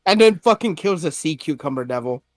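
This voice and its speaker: A young podcast co-host recaps an anime in casual chat, laughing a lot, swearing, and acting out characters' lines. His voice is a little high and animated, he talks fairly quickly, and there's no echo.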